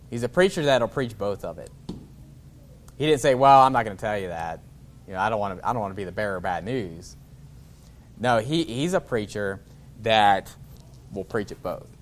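A man preaching a sermon in a relaxed, informal way, chuckling often and breaking off to restart his sentences. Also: mid-range voice, a little hiss or hum. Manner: reads scripture in a slower, formal cadence. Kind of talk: sermon with scripture reading.

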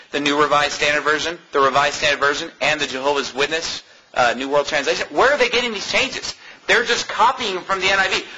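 An American pastor preaching a sermon in an animated, mocking way, laughing often. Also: male voice, sits high, husky, low-quality recording.

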